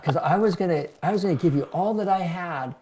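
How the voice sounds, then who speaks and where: A mellow, warm-toned older man speaking as a pastor and host. His pitch sits a little high for a man. He tells stories in a reflective, self-deprecating way and brightens when acting out what others said. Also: a little fast, slight background noise. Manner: reflective, self-deprecating, acts out quotes in livelier tones. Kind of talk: casual conversational storytelling.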